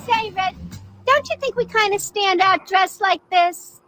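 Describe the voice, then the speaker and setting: A woman voicing a giddy, wacky young cartoon villainess with a squeaky, nasal voice in a web cartoon. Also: unhurried, music in the background. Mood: teasing.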